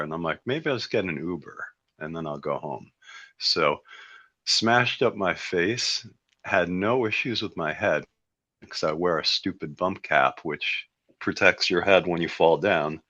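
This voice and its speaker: A very low-voiced man tells his story in a loose podcast chat, laughing often and joking at his own expense. The audio sounds dry and a little dull. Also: unhurried, sharp tone, no room sound. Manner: laughing, self-mocking storytelling. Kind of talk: casual storytelling.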